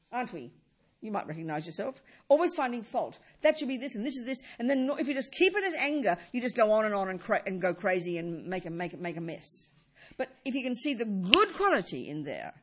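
A husky woman delivers a dharma talk with a lively, rising and falling voice. She presses her points with repeated words and restarts, then lets them settle low and soft. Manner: lively pitch, drops low and soft at phrase ends. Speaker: Buddhist teacher.

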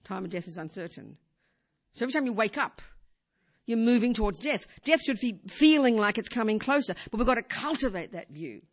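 In a brisk, fairly high voice with big pitch swings, an older woman gives an informal talk as a Buddhist teacher. She's conversational, full of "you know" and rhetorical questions, moving between emphatic and hushed delivery.

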